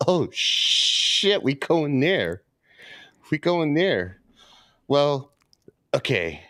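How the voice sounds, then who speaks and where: A man co-hosting a trading live stream, ranting brashly and swearing freely as he pitches to viewers. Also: big pitch swings, drawn-out words, fairly bright tone, no room sound, clean studio sound. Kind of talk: casual live-stream chat.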